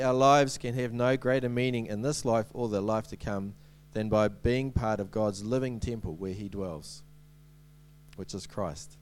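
A man giving a sermon as a preacher, in a conversational way with many ums and restarts and light humorous asides. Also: fairly low pitch.

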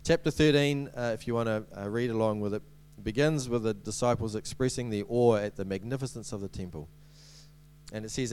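A man's voice: fairly low pitch, fairly quick, darkish tone, a little hiss or hum. A man giving a sermon as a preacher, in a conversational way with many ums and restarts and light humorous asides.

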